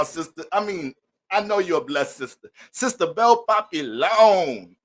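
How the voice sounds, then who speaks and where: A man's voice: sits high, a bit bright. A man hosting an astrology livestream, greeting viewers by name in playful mock-preacher banter.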